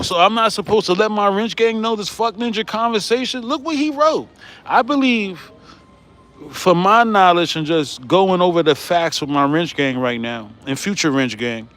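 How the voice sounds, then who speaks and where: A high-voiced man rants at his audience, swearing freely and pushing back at his critics. He keeps tossing in "right?" and breaks off into laughter along the way. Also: a little slow, a bit bright. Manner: profane, combative, repeats "right?"; laughs often while ranting. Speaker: YouTube host. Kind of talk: heated vlog rant.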